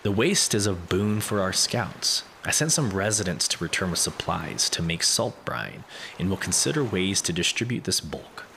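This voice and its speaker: A man reading submitted letters aloud in a measured, even way, with steady background noise. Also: sits low, vocal fry. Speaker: reader of community letters.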